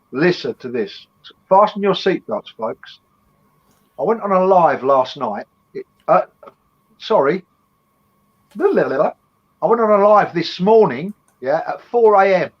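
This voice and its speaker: A man's voice: sits high, expressive, slow pace, pauses often, slightly rough. A man, chatting in a laid-back way as co-host of a live stream over remote call audio. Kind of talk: casual chat on a live stream. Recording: muffled lo-fi audio.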